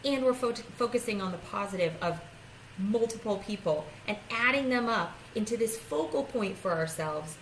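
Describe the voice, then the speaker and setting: A woman's voice: medium pitch, animated, normal speed, slight background noise, low-quality recording. A woman who coaches clients, talking casually to camera in a chatty, self-deprecating way, laughing often and restarting her sentences. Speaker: design and personal growth coach.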